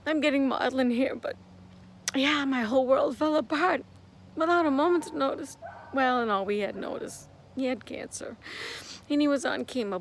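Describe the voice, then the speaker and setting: High-pitched and lively at a normal speed, an older woman rambles candidly through a casual home-repair vlog, walking between house, yard and garage with her phone at arm's length in selfie mode. A faint hiss or hum is audible.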